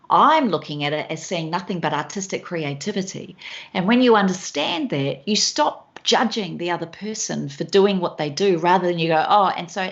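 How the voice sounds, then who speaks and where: Lively woman telling stories. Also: lowish voice. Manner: enthusiastic, anecdotal, uses examples. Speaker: guest. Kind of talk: storytelling in a podcast interview. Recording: dull lo-fi recording.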